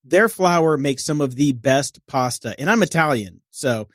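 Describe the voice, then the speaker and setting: A man's voice: a little high, expressive, unhurried, no room sound, clean studio sound. A man co-hosting a podcast, chatting casually and enthusiastically about products he uses. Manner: enthusiastic, upbeat endorsement. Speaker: podcast co-host. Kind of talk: casual chat.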